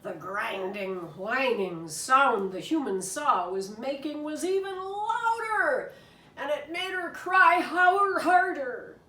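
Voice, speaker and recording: A woman reads a children's story slowly and expressively, her high voice rising and falling a lot. She sounds far from the mic in an echoey room. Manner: expressive, animated. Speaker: reader.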